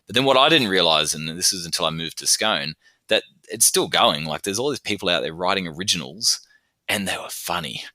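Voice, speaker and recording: An Australian man, a podcast guest, chatting casually and telling stories, then reciting his own rhymed bush poem in a steady rhythm. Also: deep voice, brisk, no echo.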